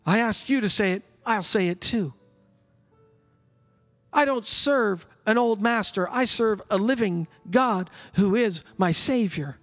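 A male pastor with a strikingly high, bright and forceful voice preaches with exuberance and bursts into yelling at times. He speaks at an unhurried pace and leads the congregation in call-and-response. His voice rings with the long reverb of a church hall. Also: soft background music. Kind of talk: sermon. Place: church sanctuary.

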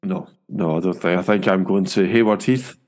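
A man's voice: deep voice, normal speed, darkish tone. A man hosting a casual football podcast, rambling and chatty with frequent restarts. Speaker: podcast host.

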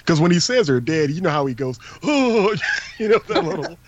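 A man's voice: a little high, big pitch swings, moderate pace, slight background noise. A man chatting casually about a film on a podcast, rambling and laughing between phrases. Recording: dull, muffled lo-fi sound.

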